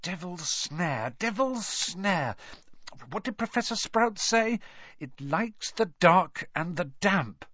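Shrill, clipped and bossy, this schoolgirl witch played by a man talks in urgent, exasperated bursts and swings widely up and down in pitch. The audiobook voice is pushed well above a man's usual register, recorded dry and a little dull. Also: animated, slow pace, a bit bright, no room sound, full character voice. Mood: flustered. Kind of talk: audiobook character voice.

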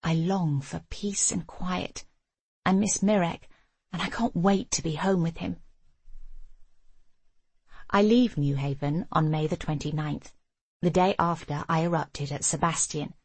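Low gravelly older woman narrating. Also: fairly even intonation, measured pace, pauses often, darkish tone, no room sound. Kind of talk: audiobook memoir narration.

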